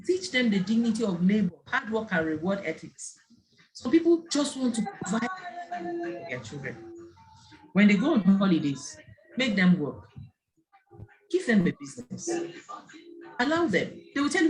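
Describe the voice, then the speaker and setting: Faint background noise and clicks accompany this parenting speaker, a woman of medium pitch who talks at normal speed and pauses often. Giving an online talk to parents, she tells lively stories and acts out the quoted voices of the people in them.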